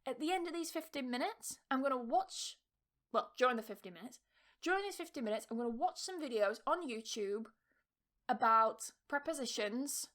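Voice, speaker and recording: High-voiced blunt woman teacher. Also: animated, moderate pace, a bit bright. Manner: blunt, emphatic, swears casually, checks in with "yeah?" and "okay?". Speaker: English teacher and podcast host. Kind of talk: casual motivational talk.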